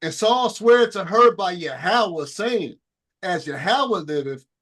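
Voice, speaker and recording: A man reading archaic scripture aloud in a steady, plain manner during a Bible study. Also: sits high, slow. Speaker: scripture reader.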